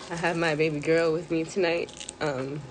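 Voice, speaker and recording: A woman speaking on a live stream, close to tears, hesitant and full of pauses and fillers. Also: low-pitched, little pitch movement, slight background noise. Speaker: mental health live streamer. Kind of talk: emotional live stream talk.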